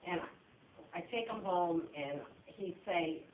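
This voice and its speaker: A woman giving a funeral eulogy, sharing personal memories in a conversational way with pauses and restarts. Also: lowish voice, slight background noise. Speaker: eulogy speaker. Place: funeral service room. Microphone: phone recording from the audience. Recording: echoey room, distant tinny phone audio.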